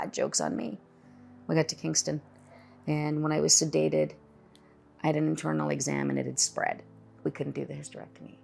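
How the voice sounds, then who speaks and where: A woman's voice: deep voice, moderate pace, vocal fry, pauses often, fairly bright tone. A middle-aged woman candidly telling her own story as a cancer patient, in a conversational personal testimony.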